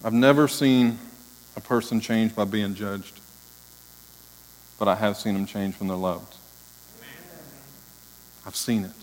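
A man's voice: lowish voice, steady tone, takes it slowly, long pauses, in a large hall, low-quality recording. An interim pastor, a man, preaching a sermon in an earnest, heartfelt manner.

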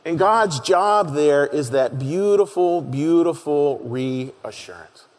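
A male pastor delivers a sermon in an earnest, halting way, pausing and repeating his key phrases. His voice sits a touch high for a man. The sound rings with a long reverb, as in a large hall. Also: expressive.

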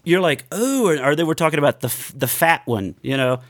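A man who works as a comedian, chatting casually in a slightly higher voice. He keeps slipping into quick mimicked voices. The sound is dry and close. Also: fairly bright tone, no room sound. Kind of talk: casual chat.

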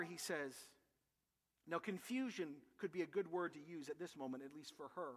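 High-voiced emphatic preacher man. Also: normal speed, in a large hall. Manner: animated, emphatic preaching with vivid comparisons. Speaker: pastor. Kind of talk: sermon.

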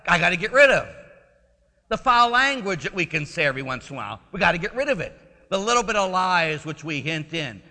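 A man preaching a sermon in a lively, swooping voice. He is conversational and emphatic, with a bright, forceful tone. His voice rings with a long church reverb. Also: a little high.

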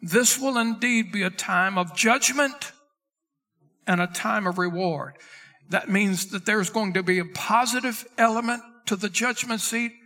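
High, bright-voiced preaching pastor. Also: male voice, a little slow. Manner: emphatic preaching, stretches key words, reads scripture aloud. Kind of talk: sermon.

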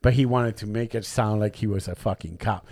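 A man's voice: on the low side, brisk, no room sound, clean studio sound. A man telling stories in casual podcast chat, acting out both sides of each exchange and swearing freely. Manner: animated, acts out both sides of stories with jumpy voices. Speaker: podcast co-host.

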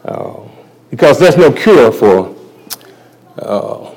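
A man's voice: mid-range voice, sing-song, slow, darkish tone, poor audio. A male church elder giving a sermon testimony at a convocation, telling his story in a folksy way and chuckling often.

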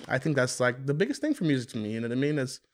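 A young man, a rapper, talking casually in an interview about writing songs, with relaxed speech full of "you know what I mean". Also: mid-range voice, racing. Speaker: rapper guest.

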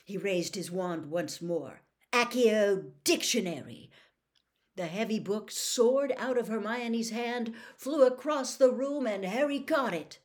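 A woman reading a novel aloud as a storyteller, with expressive, dramatic narration. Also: on the high side, a little slow, hardly any pauses.

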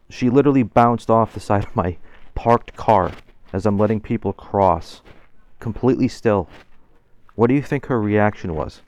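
A man's voice: fairly low pitch, normal speed, darkish tone. A man in his forties telling a story straight to the camera in a loose, ranting way. He laughs through it and swears casually. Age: 40s. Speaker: vlogger.

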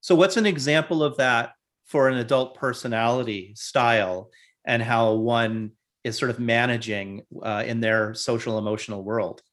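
A man hosts an interview in a friendly, affirming way. He sets up long, detailed questions for his guest. His voice sits at an ordinary middle pitch. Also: fairly even intonation, normal speed, fairly bright tone. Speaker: interview host.

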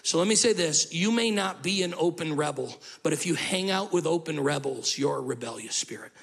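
Husky-voiced man preaching a lively sermon. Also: a little high, brisk. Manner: animated preaching with humorous asides and acted-out quotes. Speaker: pastor.

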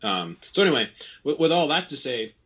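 A man in his thirties, once an athlete and now a retired ski racer, is the guest in a casual interview. His medium-pitched voice is sing-song, brisk, and fairly bright with a breathy edge. He talks candidly and at length, rambling, often restarting and quoting his own self-talk.

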